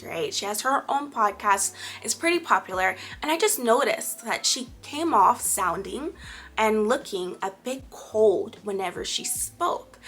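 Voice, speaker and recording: A woman's voice: on the high side, pushed and bright. A woman giving friendly, chatty advice in a casual vlog, often checking in with "right?". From Caribbean family background. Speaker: lifestyle vlogger.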